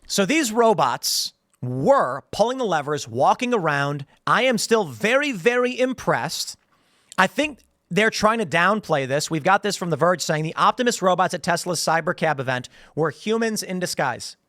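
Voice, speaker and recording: A man in his thirties, from the United States, hosting online commentary in a rambling, animated way, often acting out voices. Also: high voice, moderate pace, no room sound, clean studio sound. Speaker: host. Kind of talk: online commentary on a news clip.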